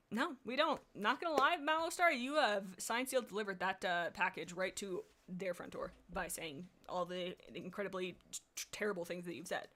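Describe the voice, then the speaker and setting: A young woman hosting a livestream, reading fan stories aloud with chatty, excitable commentary and frequent giggles. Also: mid-range voice, normal speed. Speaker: livestream host.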